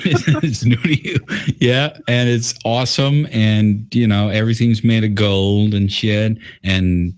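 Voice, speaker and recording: Give me a laid-back American man with a deep voice, chatting on a live stream. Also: slow. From United States. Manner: laid-back, swears casually, laughs often. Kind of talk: casual live-stream chat.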